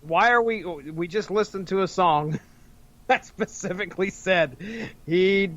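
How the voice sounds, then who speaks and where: A man's voice: sits high, unhurried, a bit bright, muffled recording. A man co-hosting a podcast, chatting casually about an album and making jokes and puns. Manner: joking, punning, giggly. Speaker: podcast co-host. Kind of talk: casual album review chat.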